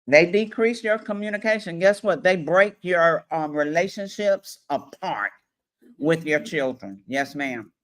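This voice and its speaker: A woman coach giving a lively workshop presentation to parents, addressing the audience directly and often checking in with them. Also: lowish voice. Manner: animated, acts out parents and children in quick voices; addresses audience directly with frequent "all right".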